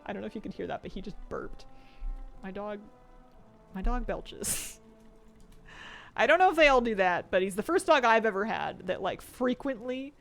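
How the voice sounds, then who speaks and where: A woman streaming a video game, chatting casually with her viewers, laughing often and switching to high baby talk with her pets. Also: expressive, measured pace, creaky, pauses often, a bit bright, soft background music.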